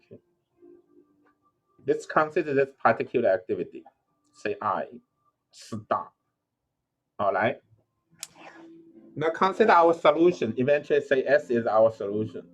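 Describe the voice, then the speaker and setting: A man's voice: mid-range voice, lively intonation, unhurried, long pauses, soft background music. Man lecturing, thinking aloud. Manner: thinking aloud with frequent "uh" and self-corrections. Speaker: university lecturer. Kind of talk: recorded lecture.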